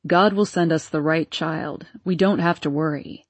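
Lady putting on a low gruff dad, husky, protective, storybook. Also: moderate pace, no room sound. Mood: soothing. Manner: barking, forceful. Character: protective father, gentle then hot-tempered.

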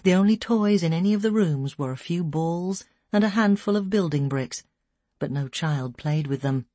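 A woman narrates a story in a slow, somber way, her voice lowish and husky. The recording is close and dry. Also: expressive, mellow, no echo. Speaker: audiobook narrator. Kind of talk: scripted narration.

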